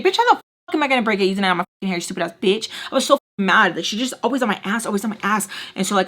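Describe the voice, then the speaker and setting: A woman's voice: medium pitch, pushed and bright. A young woman in her twenties telling a casual storytime, chatty and profane, acting out what people said. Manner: chatty, profane, acts out quotes. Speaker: storytime vlogger.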